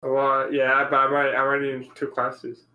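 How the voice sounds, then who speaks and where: A man's voice: mid-range voice, monotone, fairly quick, lo-fi sound, a crowd in the background. A man co-hosting a podcast with friends over a call, rambling and playful. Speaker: podcast co-host. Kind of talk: casual chat among friends.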